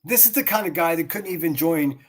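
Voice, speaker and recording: A man's voice: fairly high pitch, lively intonation, fairly quick. Sarcastic taunting streamer guy. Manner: sarcastic, taunting, laughs mockingly. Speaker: streamer reacting to clips. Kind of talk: profane mocking rant.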